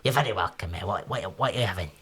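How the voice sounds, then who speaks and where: A shifty goblin shopkeeper, as a man puts him on for a tabletop game. He stammers, repeats his questions and drops into hushed asides, his voice low and gruff. There is faint noise behind him. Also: lively intonation, racing. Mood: flattering. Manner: stammering, repeats himself, whispers secrets.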